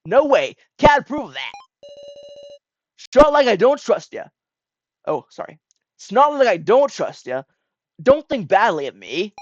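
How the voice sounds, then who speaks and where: Streamer doing a loud hotheaded young dude, high and shouty, lively, dull lo-fi sound. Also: brisk, long pauses, breathy edge, no room sound. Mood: fired up. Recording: dull lo-fi recording.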